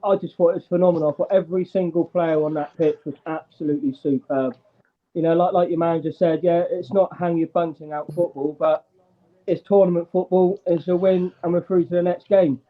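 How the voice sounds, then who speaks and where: A man's voice: fairly high pitch, steady tone, a little fast. A man giving his thoughts as a fan caller, enthusiastic and rambling. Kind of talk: casual football chat. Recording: tinny phone line.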